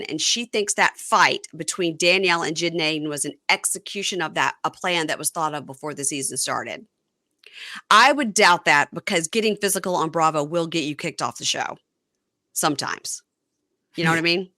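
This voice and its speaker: A woman's voice: fairly low pitch, normal speed, sharp tone. A woman hosting a podcast, recapping in casual chat and acting out the lines she quotes. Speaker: podcast host.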